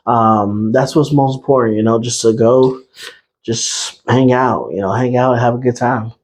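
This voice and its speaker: A relaxed young man chatting through his own podcast. His voice sits at an ordinary middle pitch, and he drifts easily from topic to topic. He fills the gaps with easygoing ums and uhs. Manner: laid-back, chatty, drawn-out pauses and fillers. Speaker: podcast host. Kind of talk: unscripted casual talk.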